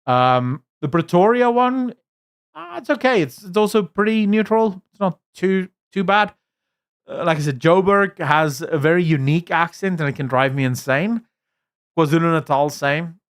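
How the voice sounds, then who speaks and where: A man's voice: a little high, lively intonation, moderate pace, clear, resonant tone. Blunt man streaming. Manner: blunt, rambling, with many fillers and restarts. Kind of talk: casual opinionated livestream chat.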